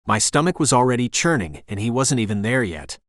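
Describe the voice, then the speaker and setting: A man narrating a romance audiobook in the first person, in a measured, introspective way. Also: medium pitch, big pitch swings, fairly bright tone, no room sound, clean studio sound.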